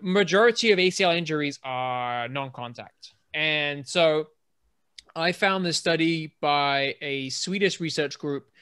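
A man's voice: fairly high pitch, measured pace, pushed and bright, smooth. A British man co-hosting a podcast, telling stories in a rambling, chatty way with many restarts. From England. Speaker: podcast co-host. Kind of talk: casual chat.

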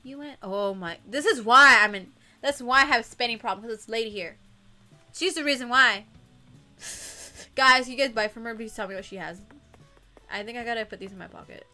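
Greeting viewers by name with giggles, this young gaming-stream co-host keeps the chat casual. She speaks at normal speed with frequent pauses, in a fairly high, bright and forceful voice, over soft background music.

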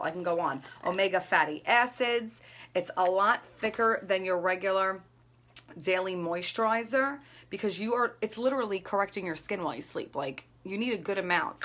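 Bright, chatty woman vlogger. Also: medium pitch, slight background noise. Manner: chatty, rambling, laughs at herself. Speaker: beauty vlogger. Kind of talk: casual chat during a makeup routine.

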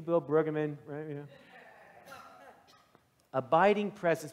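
A male pastor preaching a sermon in a church, with animated, conversational storytelling. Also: a little high, big-room sound.

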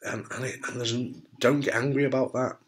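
A man's voice: mid-range voice, steady tone, a little fast. Blunt man giving frank advice. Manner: blunt, frank, swears, jokey. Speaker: testicular cancer survivor giving advice. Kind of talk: casual talk to camera.

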